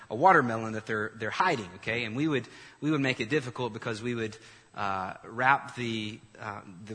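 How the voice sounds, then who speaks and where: A man preaching a sermon, telling a lively story and calling on the congregation to repeat lines after him. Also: mid-range voice, husky. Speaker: pastor. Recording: long hall reverb.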